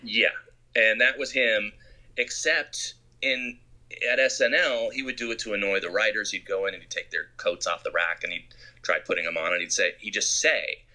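Bright-voiced man telling film-set stories. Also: fairly low pitch, moderate pace. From Arizona. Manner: animated storyteller who acts out quotes. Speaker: film director guest. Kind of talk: anecdotal interview storytelling.

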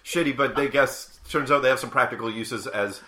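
A man improvising in a tabletop role-play game, exasperated and yelling in bursts. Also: mid-range voice, a little fast, roomy sound. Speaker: player.

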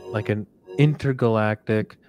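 A man hosting a podcast, rambling through a goofy, soft parody of a guided relaxation. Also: on the low side, fairly even intonation, a little slow, soft background music. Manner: rambling, goofy, softly drifting. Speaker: podcast host.

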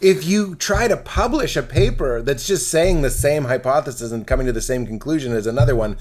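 A man's voice: mid-range voice, animated, fairly quick. A man, a stand-up comedian, chatting casually and breaking into silly character voices. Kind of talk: casual chat.

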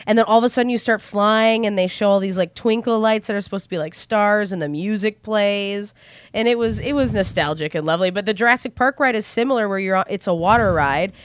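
A woman's voice: medium pitch, quick pace, dry recording. A young adult woman, a guest on a podcast, retelling experiences in a giggly, enthusiastic way. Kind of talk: casual chat.

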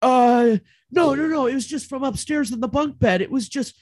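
A man performing a fast, playful improv comedy scene, full of restarts. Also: very high voice, a little mellow. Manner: quick, playful, many restarts.

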